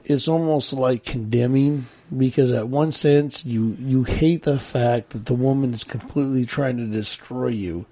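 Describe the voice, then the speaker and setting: A middle-aged man with a husky, darker tone tells a long story in casual podcast chat. He rambles and circles back, repeating words and quoting others as he goes. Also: mid-range voice, unhurried, hardly any pauses, dark tone.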